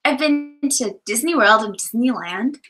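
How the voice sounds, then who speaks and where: A woman's voice: fairly high pitch, animated, normal speed, pushed and bright. A woman in her thirties co-hosting a live stream, chatting casually and playfully breaking into song and rap. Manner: playful, jokey, bursts into song. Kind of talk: casual chat, sings and raps along to songs.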